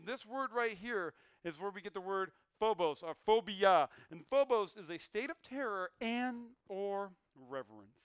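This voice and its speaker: Male pastor, sermon delivery: high, clear, crisp voice, emphatic and repetitive, dry close sound. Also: moderate pace, no echo. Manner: emphatic preaching with repeated lines and sudden loud bursts.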